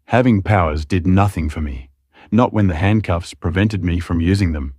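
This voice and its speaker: A man narrating a dramatic romance audiobook, reading the prose and voicing the dialogue with strained, raised pitch. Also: moderate pace, darkish tone, slightly rough, dry recording, clean studio sound.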